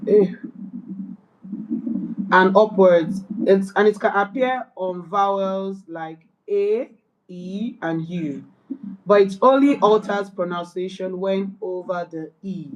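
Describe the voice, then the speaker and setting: A woman reading lesson notes aloud at a slow, deliberate pace. She stops to correct herself and apologizes when she gets confused. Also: mid-range voice, dull audio. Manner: slow, careful, hesitant, apologetic. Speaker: beginner learner, channel host.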